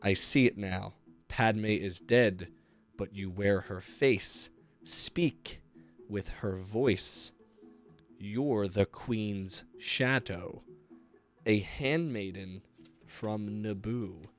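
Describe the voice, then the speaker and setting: A man reading the lines of a menacing armored dark lord from a comic, in his own low, slow voice. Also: soft background music. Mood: cold.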